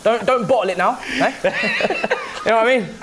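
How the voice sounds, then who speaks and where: A man's voice: high-pitched, wildly swooping pitch, moderate pace, noisy background. A man teasing a rival fan in casual banter, chuckling between his phrases. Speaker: pundit.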